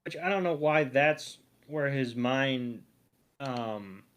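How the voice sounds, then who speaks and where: A man's voice: medium pitch, slow, clear, resonant tone. A man co-hosting a podcast, chatting casually through a cartoon episode with fillers and asides. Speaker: podcast co-host.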